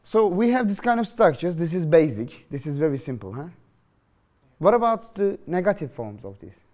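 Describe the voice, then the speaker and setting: Guy with teaching a grammar class, fairly high voice, jumps around a lot in pitch, keeps asking "you understand?". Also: normal speed. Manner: lively, questioning, repeats phrases to students. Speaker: English teacher.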